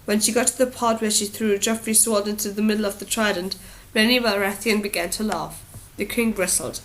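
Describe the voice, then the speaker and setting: A woman's voice: mid-range voice, fairly quick, low-quality recording. Woman reading an audiobook. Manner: steady, even storytelling. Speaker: audiobook reader. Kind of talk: audiobook narration.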